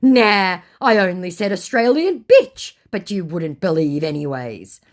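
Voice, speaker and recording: Figure: defensive lying male scammer. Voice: a woman reading him, low, lively in pitch, flat and dismissive. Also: unhurried.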